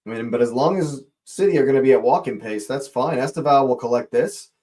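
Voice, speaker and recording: A man with a mid-range voice talks briskly while hosting a live watch-along. He calls the action as a fan and keeps up a chatty back-and-forth with people in the chat, his voice jumping up excitedly at every near miss.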